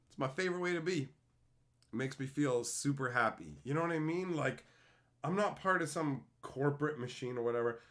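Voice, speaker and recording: A man's voice: medium pitch, brisk. A man streaming live, chatting casually with viewers, swearing freely and laughing often. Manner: profane, animated, laughs often. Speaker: streamer and entertainer. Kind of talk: casual livestream chat with viewers.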